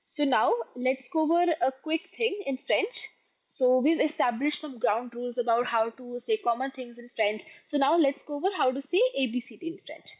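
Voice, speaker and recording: A woman from India, teaching a beginner French lesson and repeating each phrase slowly with its translation. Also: fairly high pitch. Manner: slow, careful repetition of phrases with translations. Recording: muffled lo-fi audio.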